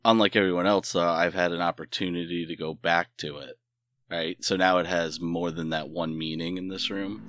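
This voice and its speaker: A man's voice: deep voice, fairly even intonation, moderate pace, fairly bright tone. A man taking part in a tabletop game, thinking aloud in a reflective, casual way. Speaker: player.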